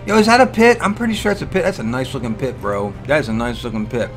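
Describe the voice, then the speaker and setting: A man hosting a casual live stream, greeting viewers by name and reacting loudly and profanely to pictures they send, often laughing. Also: medium pitch, quick pace, soft background music. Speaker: livestream host.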